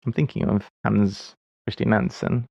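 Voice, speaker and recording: A man in his forties works through puzzles live, muttering incomplete ideas and chuckling at his errors. His fairly low voice is steady and a little mellow, with vocal fry and a moderate pace. The lo-fi audio has no room sound.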